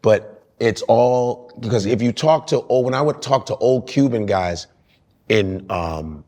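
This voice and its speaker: A man co-hosting a relaxed talk show, spinning lively joking stories and dropping into quick impressions. His voice sits at an ordinary middle pitch for a man. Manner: animated joking storyteller, slips into impressions. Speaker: podcast co-host and comedian. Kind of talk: casual chat.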